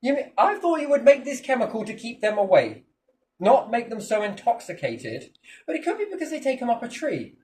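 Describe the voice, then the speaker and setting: Animated, profane podcast talker. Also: medium pitch, a little fast. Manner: animated, profane, jumps into funny voices. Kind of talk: casual chat. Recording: distant mic, faint background noise.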